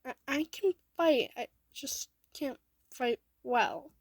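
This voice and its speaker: Shy, caring young kid, voiced by a woman reader; slow, hesitant delivery. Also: high-pitched, no echo, pitched above the performer's own voice. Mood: flustered.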